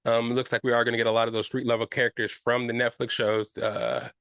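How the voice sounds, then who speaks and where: A man's voice: medium pitch, flat delivery, fast talker, fairly bright tone, smooth, no echo, highs cut off. A man hosting his own podcast, talking loosely and profanely in a rambling casual way, often checking in with "you know what I'm saying". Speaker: podcast host. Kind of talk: casual solo podcast commentary.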